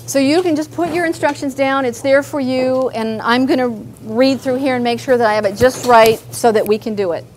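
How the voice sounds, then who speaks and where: A woman's voice: sits high, brisk, hardly any pauses, a little mellow, a little hiss or hum. A woman therapist leading a live group workshop, chatty and guiding people through simple movements. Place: meeting room with a group.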